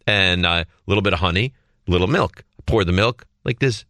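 A man cohosting a sports talk show, spinning animated everyday stories between plugs. His voice is bright and forceful. The sound is dry and close. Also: sits low, no room sound. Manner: animated storyteller, reads ad copy quickly. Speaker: radio sports talk host. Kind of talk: casual sports radio banter.

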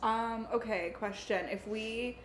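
A woman's voice: a little high, steady tone, slow pace, roomy sound, a little hiss or hum. A young woman co-hosting a podcast, reacting playfully and enthusiastically in casual chat. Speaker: podcast co-host. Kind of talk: casual chat about a movie.

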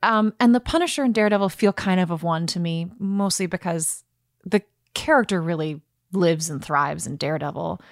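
Woman, 30s, interview guest, reflective, laughs easily, lowish voice, dry close sound. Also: moderate pace, no room sound. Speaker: actor guest. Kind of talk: casual interview chat.

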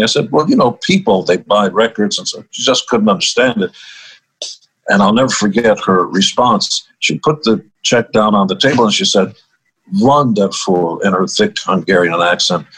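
Man, older, low pitch, husky, wry storyteller, interview guest. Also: a bit bright, poor audio. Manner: wry, laughs at his own stories. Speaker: musician guest.

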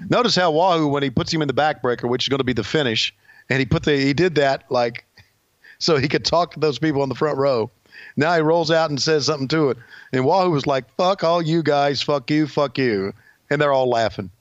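Laid-back podcast guy, slightly high voice, dry close mic, kinda dull lo-fi sound. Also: fast talker, no echo. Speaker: podcast co-host. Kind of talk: casual chat.

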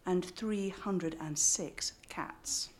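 A woman's voice: lowish voice, drawn-out words, a little mellow. English woman reading her memoir with wry asides. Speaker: author. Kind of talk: reading a memoir aloud to a live audience.

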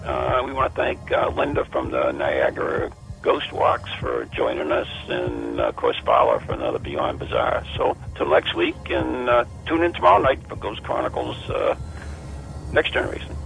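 A man's voice: extremely low pitch, wildly swooping pitch, normal speed, gravelly, fairly bright tone, poor audio. A man hosting a radio talk show, chatting and telling stories in a rambling way before signing off.

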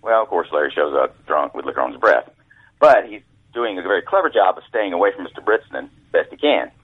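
Husky low-voiced man on a phone line. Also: very animated, quick pace, no echo. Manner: rambling, folksy storyteller. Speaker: author and guest. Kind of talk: telling anecdotes. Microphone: telephone.

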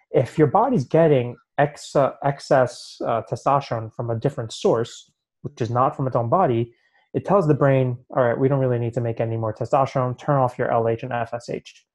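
Animated man explaining medical topics. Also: mid-range voice, low-quality recording. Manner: animated, explains with lots of rhetorical "right?". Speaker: naturopathic physician guest. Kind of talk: casual interview explanation.

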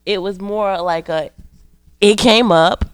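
A woman co-hosting a podcast, telling a story in expressive casual chat and laughing easily. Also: mid-range voice, slow, clear, resonant tone, dry recording. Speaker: podcast co-host.

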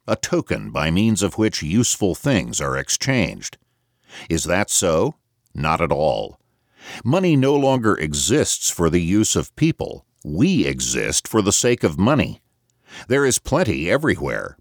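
A man narrating an audiobook, voicing a shrill, anemic male agitator who shouts a rant against the banks. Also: dry recording, studio quality, full character voice. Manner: ranting, shouting.

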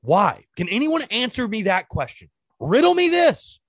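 A man's voice: high voice, wildly swooping pitch, normal speed, dry recording, clean studio sound. A man hosting a sports podcast, ranting in an exasperated way and firing off rhetorical questions in casual commentary.

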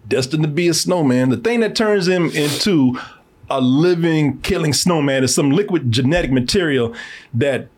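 A man's voice: fairly high pitch, normal speed, a little mellow. A man co-hosting a casual film review, joking and laughing, often acting out characters' lines. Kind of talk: casual chat.

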